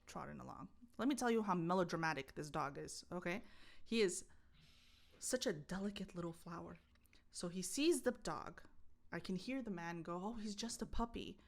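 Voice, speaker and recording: Animated young woman telling a story. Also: on the low side, vocal fry. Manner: animated, swears, acts out voices and laughs a lot. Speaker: podcast co-host. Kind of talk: casual storytelling chat. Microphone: streaming setup mic.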